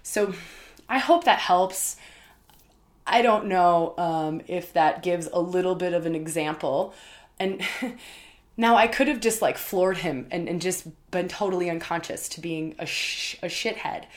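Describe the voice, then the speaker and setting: A woman's voice: fairly low pitch, a little slow. A woman host telling a candid personal story in a casual, emphatic way, with many fillers and repeated words. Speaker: podcast host.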